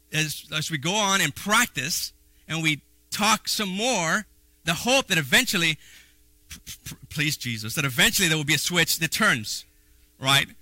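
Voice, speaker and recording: A man preaching a sermon in a folksy, animated way, with playful asides and frequent restarts. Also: mid-range voice, dry recording. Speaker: pastor.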